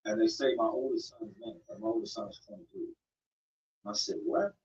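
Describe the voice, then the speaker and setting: Guy in his 40s telling a story, really lively, jumps up high when worked up, mic kinda far and dull. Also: brisk, vocal fry, a little hiss or hum. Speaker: streamer. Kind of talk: casual storytelling. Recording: distant, slightly dull mic.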